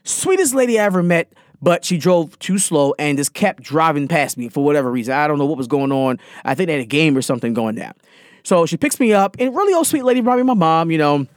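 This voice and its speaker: Young male podcast host, rapid animated storyteller, slightly high voice, dry close sound. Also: no room sound. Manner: animated, acts out conversations in quotes; addresses listeners as guys. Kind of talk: casual storytelling monologue.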